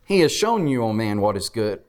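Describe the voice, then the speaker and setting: A man's voice: lowish voice, big pitch swings, moderate pace. A man preaching a sermon, reading scripture aloud and explaining it with earnest emphasis.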